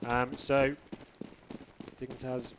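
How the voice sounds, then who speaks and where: A man's voice: mid-range voice, level tone, slow, slight background noise. A male esports host with a mid-range voice who casts a match live. He jokes around and builds hype with announcer lines. Faint game gunfire sounds behind him. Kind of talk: live esports commentary and desk chat.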